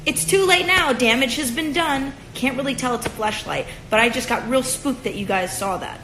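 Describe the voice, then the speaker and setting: A woman's voice: sits high, moderate pace, noisy background. A woman in her twenties ranting casually and profanely on a livestream from her room at home, with sarcastic sung asides. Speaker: livestream host. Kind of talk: casual rant on a phone livestream. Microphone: phone at arm's length. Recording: echoey room on a phone stream.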